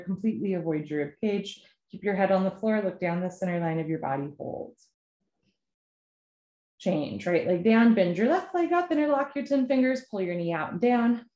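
A woman teaching a guided yoga class, giving calm step-by-step cues. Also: mid-range voice. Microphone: camera mic. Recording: echoey room.

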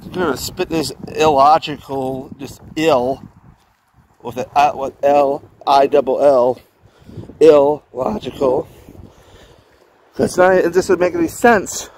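A man's voice: on the high side, measured pace, a little mellow, a little hiss or hum, low-quality recording. A man venting indignantly, ranting with heavy swearing and repeated rhetorical questions. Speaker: vlogger. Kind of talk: angry venting monologue.

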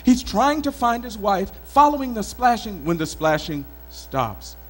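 A male storyteller from Mali telling a folk tale in an expressive, dramatic way at a live event. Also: sits high, unhurried, low-quality recording. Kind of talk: oral storytelling performance. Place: country club event.

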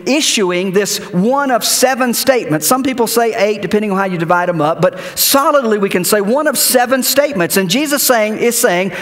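A male pastor preaching a sermon in a church, animated, with repeated words and rhetorical questions. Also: high-pitched, fairly quick, few pauses, long reverb tail. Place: church sanctuary.

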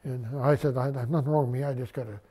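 This man in his nineties, a war veteran, tells his story in an oral history interview with a quick, mid-range voice edged with breath. He rambles, restarts sentences, slips in wry humor, and raises his voice whenever he quotes someone else.

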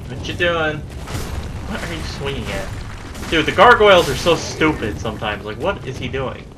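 A man's voice: a little high, very animated, normal speed, over music. A man giving live gameplay commentary, exasperated and profane, talking back at enemies as he plays. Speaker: let's play gamer.

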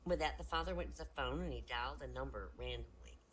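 A woman telling stand-up jokes in an online voice chat room, an animated storyteller who switches voices for each character. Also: very deep voice, fast, slight background noise, low-quality recording.

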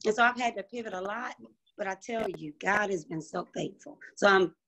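A woman's voice: medium pitch, a little fast, creaky, fairly bright tone. A middle-aged woman, a restaurant owner, speaking on a business panel over a video call and telling her story with emotion and faith.

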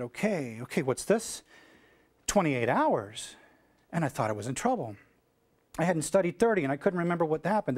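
A middle-aged man from the United States tells a story from a stage before a live audience. His voice sits a little high for a man, and he throws himself into each quoted line, at times shouting at full volume. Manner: animated storyteller acting out dialogue, shouting cheers. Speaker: keynote speaker. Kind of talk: storytelling keynote speech.

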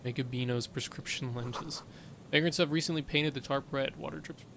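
A man's voice: mid-range voice, fairly even intonation, fairly quick, gravelly, noisy background. A male streamer casually reading game text aloud and making wry asides while playing. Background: game music.

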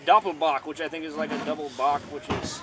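A man's voice: a little high, fairly even intonation, fast talker. Wisecracking man, noisy outdoor event. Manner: dry, wisecracking. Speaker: airsoft team member. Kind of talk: casual chat. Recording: outdoor event with clear background noise.

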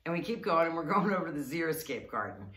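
A woman's voice: low voice, quick pace. Chatty woman vlogger in a roomy space. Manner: chatty and animated, laughing often, drawing out words. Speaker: vlogger telling a story. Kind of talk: casual storytelling to camera. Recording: roomy sound, mic at a distance.

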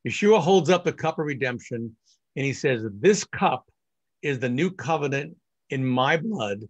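A man teaching scripture with a slightly high voice. He speaks as a rabbi in a live discussion, leaning hard on the key words of the verses he quotes. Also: lo-fi sound.

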